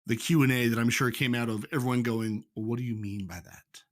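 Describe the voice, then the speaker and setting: A man from the United States on a casual podcast, reading out game numbers in a deadpan, methodical way. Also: mid-range voice, fairly quick, no room sound, studio quality. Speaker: podcast co-host.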